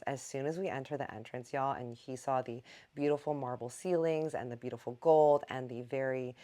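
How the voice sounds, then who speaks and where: A woman telling a story in a chatty, animated way, talking straight to her viewers. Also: extremely low pitch. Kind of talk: casual storytime vlog.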